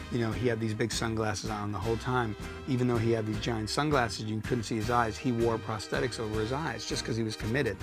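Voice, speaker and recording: Earnest man over guitar music. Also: medium pitch. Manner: earnest, rambling praise. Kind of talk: deadpan mock interview.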